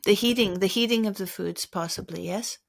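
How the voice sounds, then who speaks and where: A woman's voice: mid-range voice, brisk, gravelly. Older woman hosting a reflective chat. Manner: reflective, personal storytelling. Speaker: podcast host. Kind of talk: conversational interview.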